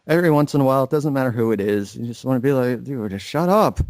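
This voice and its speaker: A man's voice: medium pitch, rapid-fire, darkish tone, no room sound. A young man co-hosting a casual podcast, rambling and swearing, mocking people in put-on voices. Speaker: podcast co-host. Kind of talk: casual profane chat.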